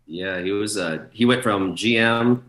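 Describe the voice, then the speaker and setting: A man's voice: fairly low pitch, measured pace, fairly bright tone, echoey room. A man, a guest DJ, telling rambling, profane stories in a casual chat, full of fillers.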